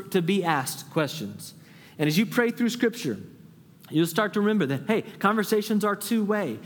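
Man preaching in a big reverberant hall. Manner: earnest, rises to an urgent high pitch when stressing a point; drops to a soft hush when voicing a prayer. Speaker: pastor. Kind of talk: sermon. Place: church sanctuary.

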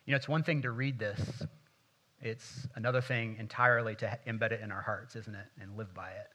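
A man, a pastor, preaching a sermon and reading scripture aloud, building to louder, more intense passages. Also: on the low side, steady tone, moderate pace.

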